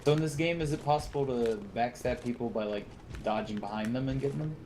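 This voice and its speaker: A man chatting casually on a game stream, curious and asking questions with occasional excited outbursts. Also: mid-range voice, fast, a little hiss or hum. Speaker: co-host. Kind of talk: casual gaming chat.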